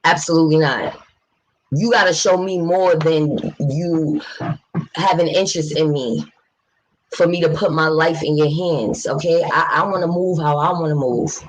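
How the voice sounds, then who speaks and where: A woman's voice: low-pitched, normal speed, low-quality recording. A woman from New City, talking bluntly and passionately to her livestream viewers and swearing freely. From New York City. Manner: talks straight to viewers, reads chat aloud. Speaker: livestream host. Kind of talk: casual livestream chat.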